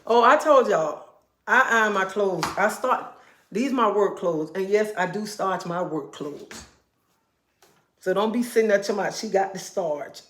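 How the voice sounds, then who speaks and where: A middle-aged woman chats on a livestream, telling stories in an animated, casual way. Her voice sits at a middle pitch. The room gives it a noticeable echo. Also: moderate pace, slight background noise. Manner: animated storytelling with Southern-style speech. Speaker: livestream host. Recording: echoey room.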